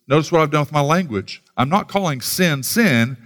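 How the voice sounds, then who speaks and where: A man's voice: a little high, lively intonation, normal speed, few pauses, fairly bright tone. A man teaching about preaching, emphatic and full of rhetorical questions. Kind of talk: teaching talk.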